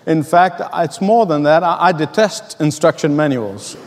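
A man's voice: on the high side, measured pace, big-room sound. A middle-aged male pastor delivering a sermon, earnest and emphatic, telling stories and asking rhetorical questions.

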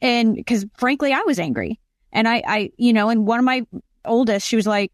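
A woman's voice: a little high, brisk, dry recording, clean studio sound. A middle-aged woman hosting a Christian podcast, talking earnestly and affirming her guest often. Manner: earnest, affirming, frequent mm-hmms. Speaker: podcast host. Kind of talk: casual Christian podcast interview.

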